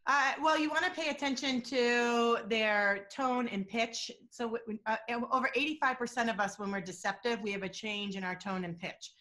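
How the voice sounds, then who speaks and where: A woman guest explaining deception cues in an interview, telling animated stories and acting out quotes. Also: on the high side, moderate pace, hardly any pauses. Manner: animated storytelling, acts out quotes. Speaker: body language and deception expert guest. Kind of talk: interview answers with examples.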